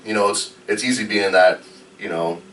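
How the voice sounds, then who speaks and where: Male co-host, low-pitched, animated, recorded off-mic in an echoey room. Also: normal speed. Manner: animated, swears, mimics others. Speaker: podcast co-host. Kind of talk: casual chat. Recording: roomy echo, distant mic, faint hiss.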